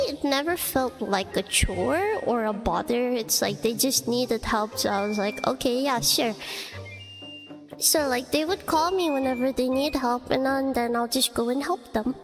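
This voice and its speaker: A young woman streamer in casual chat, rambling through a story with lots of fillers and giggles. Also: on the high side. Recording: long reverb with loud background music.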